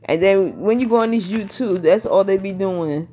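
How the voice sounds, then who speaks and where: A woman in her fifties speaking to her viewers in a loose, rambling way. She keeps checking in with the listener and returns to the same points. Faint music plays softly behind her. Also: mid-range voice, moderate pace. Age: 50s. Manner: chatty, rambling, constantly asks "you know what I mean". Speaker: vlogger. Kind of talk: casual vlog monologue.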